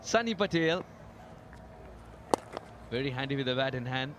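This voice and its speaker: A man calling live cricket play-by-play, lively and lifting his voice on big moments. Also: mid-range voice, moderate pace, background noise. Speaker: cricket commentator. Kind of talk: live sports commentary.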